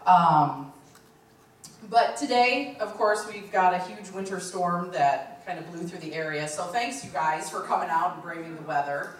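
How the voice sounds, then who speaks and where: A woman's voice: fairly low pitch, normal speed. Woman doing stand-up in echoey room. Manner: chatty storytelling, acting out quotes. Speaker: stand-up comedian. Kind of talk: live stand-up comedy. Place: lounge stage. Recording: very echoey room, distant mic.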